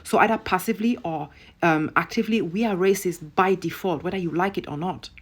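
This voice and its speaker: A woman's voice: fairly low pitch, expressive, brisk, slightly rough. A woman online commentator delivering a blunt, profane, emphatic rant straight to camera.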